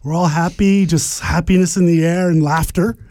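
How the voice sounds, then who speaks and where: Mellow rambling male radio guest. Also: a little high, steady tone, normal speed, dry recording. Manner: rambling, repeats himself. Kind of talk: casual radio chat.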